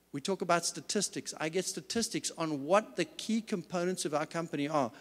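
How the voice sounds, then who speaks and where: A man speaking as a company CEO at a business event, telling earnest, emphatic stories in a faith-based talk. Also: high-pitched. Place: large event hall. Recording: reverberant hall sound.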